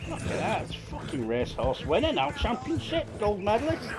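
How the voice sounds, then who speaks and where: A man with a slightly higher voice rattles off crude, profane gameplay commentary. His pitch swings widely as he mocks and jeers, with game music playing underneath. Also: wildly swooping pitch, fairly quick. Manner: crude, swearing, mocking banter. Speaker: gaming streamer.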